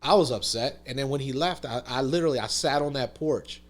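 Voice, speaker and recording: A man's voice: medium pitch, fairly quick. A man talking as a podcast guest, telling a story in casual conversation, emphatic, swearing freely and saying "dude" and "literally" a lot.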